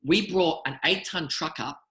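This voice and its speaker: A man tells animated backstage anecdotes, circling back and restarting as he goes. His voice is bright and a touch high, and it rings in an echoey room. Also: a little slow. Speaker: magician guest. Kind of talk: casual interview storytelling.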